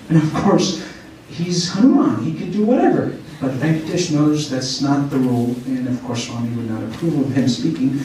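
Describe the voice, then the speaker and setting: A man's voice: on the high side, lively intonation, normal speed, darkish tone, a little hiss or hum. A man telling a spiritual story to a gathering, checking in with his listeners as he goes. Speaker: speaker at a spiritual center. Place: meeting hall of a spiritual center. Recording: echoey hall, voice from far off.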